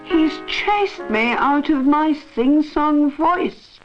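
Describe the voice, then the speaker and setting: A woman's voice: expressive, very slow, exaggerated voice. Woman doing a whiny, proud old kangaroo. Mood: plaintive. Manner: plaintive, complaining, rising high. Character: tired, proud old male kangaroo, aggrieved. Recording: dull old film soundtrack with music.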